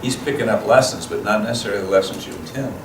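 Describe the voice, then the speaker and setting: A guest speaker at a parenting seminar gives a plain-spoken teaching talk in a school event room, often acting out short parent-child dialogues. His voice is lowish and very fast. The recording is noisy and echoey, with his voice sounding far off.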